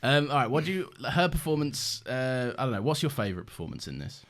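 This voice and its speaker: A man's voice: medium pitch, sing-song, fast, a bit bright. A man with an enthusiastic, earnest manner, co-hosting a casual chat reviewing a film. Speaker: podcast co-host.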